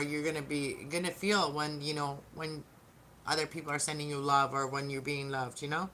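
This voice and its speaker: A woman's voice: low voice, bright, forceful tone, a little hiss or hum. A woman giving a casual live-streamed tarot reading, chatting to viewers and often restarting her sentences. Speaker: tarot reader.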